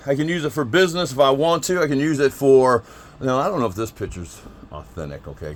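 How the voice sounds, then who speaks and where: A man's voice: medium pitch, a bit bright, a little hiss or hum. A man giving a chatty, folksy product review, often repeating himself. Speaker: product reviewer, channel host. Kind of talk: casual product review vlog. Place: outdoors by a vehicle, then indoor man cave.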